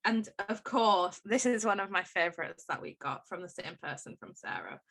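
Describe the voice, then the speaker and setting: A woman co-hosting a casual podcast chat. Her voice is bright and forward, and she talks with chatty enthusiasm. She often breaks into quick laughs. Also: mid-range voice, lively intonation. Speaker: podcast co-host.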